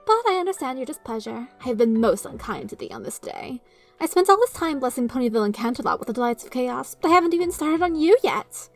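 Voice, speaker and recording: A smug male chaos spirit, put on by a woman, drawling in an exaggerated posh manner. He mocks and lingers over his words, pitched a little high, with faint music underneath. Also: sing-song, fast. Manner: falsely posh, drawling, mocking.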